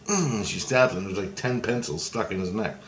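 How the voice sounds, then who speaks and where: Low-voiced man telling a rambling story. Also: moderate pace, a little hiss or hum. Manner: rambling, profane, restarts and hand-gesture talk. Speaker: storyteller recounting a dream. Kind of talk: casual spoken storytelling. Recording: roomy echo, faint ambience.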